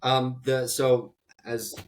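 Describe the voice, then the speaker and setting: A man's voice: medium pitch, little pitch movement, takes it slowly. A man, a television creator guest, chatting casually with dry, teasing humor. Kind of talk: casual interview chat.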